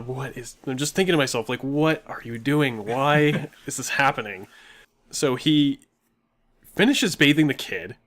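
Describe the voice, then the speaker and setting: A young man telling a long tabletop game story in a casual chat, animated and often laughing as he quotes the players. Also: medium pitch. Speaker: podcast co-host telling a story.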